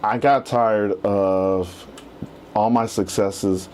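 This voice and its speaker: Low mellow-voiced man telling his story. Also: extremely slow, a little hiss or hum. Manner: animated storyteller, acts out quotes. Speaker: real estate agent, podcast guest. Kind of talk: casual interview storytelling.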